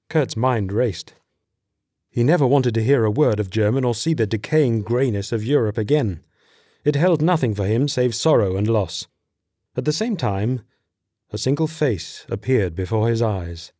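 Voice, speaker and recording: A man narrating an audiobook in a steady, measured voice. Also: medium pitch, no echo, studio quality.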